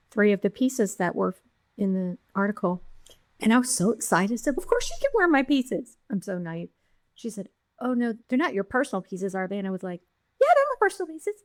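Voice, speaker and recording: A middle-aged woman, a podcast guest, telling her founding story with lively quoted voices. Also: mid-range voice, no echo, clean studio sound. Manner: animated storyteller, acting out quotes. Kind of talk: storytelling interview.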